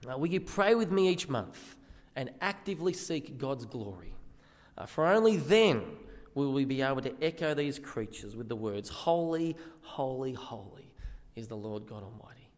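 A man's voice: mid-range voice, animated, normal speed, long reverb tail. A man preaching a sermon in earnest, often asking the listeners questions.

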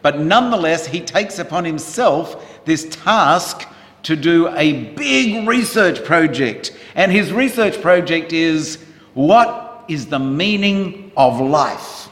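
A man's voice: fairly high pitch, expressive, takes it slowly, fairly bright tone. A man preaching a sermon in church, chatting with the congregation and asking them questions in a conversational way. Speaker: pastor. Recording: roomy church hall reverb.

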